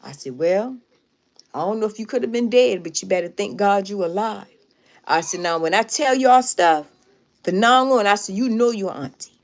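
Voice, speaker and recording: A woman chatting on a live stream, recounting a personal story with emphatic repetition. She is animated and direct with her viewers, and her voice sits at an ordinary middle pitch for a woman. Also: moderate pace.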